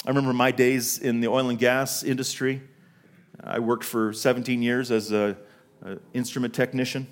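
A middle-aged man preaching a sermon to a congregation, telling a story from his own working life and slowing down to stress key words. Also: medium pitch, little pitch movement. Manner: storytelling, asks the congregation questions, slows for emphasis. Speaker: pastor.

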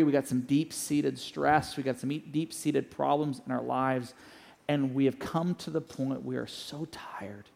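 A man preaching a sermon as pastor, rising to loud fervent peaks and dropping to quiet, low reflective passages. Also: vocal fry, in a large hall.

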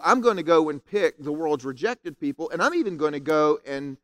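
High-voiced animated preaching man. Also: fairly quick, hardly any pauses. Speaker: pastor. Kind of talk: sermon. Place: church sanctuary.

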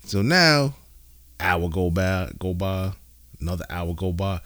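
A man co-hosting a casual podcast, telling stories with lots of energy and slipping into high-pitched voices to quote his wife. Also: slow pace, dry recording, studio quality. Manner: animated storyteller, mimics his wife in a high voice. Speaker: podcast co-host. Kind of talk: casual chat.

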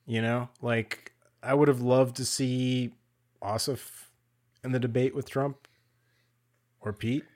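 A man co-hosting a podcast, talking politics in a laid-back, drawn-out way, swearing casually and reaching for sports analogies. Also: medium pitch, steady tone, a little mellow.

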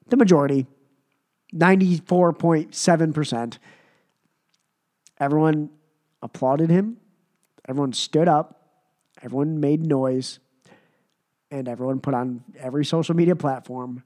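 A man's voice: medium pitch, warm tone. A man hosting a wrestling podcast who sounds sick and short on voice, giving a rambling, emphatic reaction that builds through repetition. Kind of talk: casual reaction commentary.

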